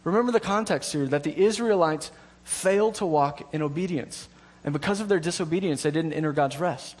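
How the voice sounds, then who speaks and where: Male preacher, high-pitched, chatty and self-mocking, then earnest and repetitive for emphasis. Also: fairly quick, a little mellow. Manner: conversational with self-deprecating humor and laughter. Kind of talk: sermon.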